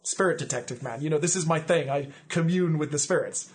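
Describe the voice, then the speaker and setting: A man's voice: on the high side, brisk, close to an everyday voice. A man doing a no-nonsense female spirit detective. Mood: brisk. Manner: matter-of-fact and scolding.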